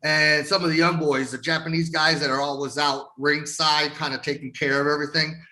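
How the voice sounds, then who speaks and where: Man, middle-aged, profane storyteller, slightly high voice, bright and forceful. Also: fairly quick. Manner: profane, laughing, animated storyteller. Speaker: wrestling interview guest. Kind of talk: casual storytelling.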